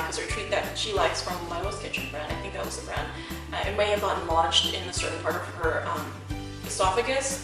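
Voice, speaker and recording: A woman vlogger telling a storytime vlog in a chatty way, full of fillers. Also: medium pitch. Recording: echoey room, distant mic, faint music.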